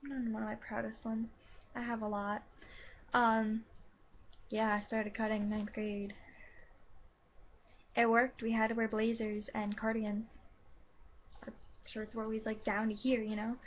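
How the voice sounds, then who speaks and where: A woman's voice: fairly high pitch, completely flat delivery, measured pace, pauses often, dull audio, a little hiss or hum. A young woman in her late teens telling her own story to camera, candid and hesitant, with many filler words and restarts. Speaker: vlogger.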